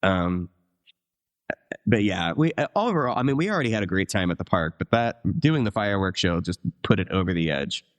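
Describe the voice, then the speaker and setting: A man with a very low voice chats casually as a podcast co-host. He rambles through long, enthusiastic explanations full of asides. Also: expressive, a little fast. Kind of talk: casual chat.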